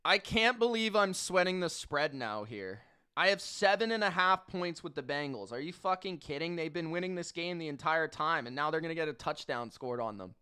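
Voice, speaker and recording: Bright-voiced excitable man calling a game. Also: fairly high pitch, moderate pace, smooth. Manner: excitable, profane, swings from muttering to yelling; repeats himself in disbelief. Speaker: live stream sports reaction host. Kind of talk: live play-by-play and reaction commentary.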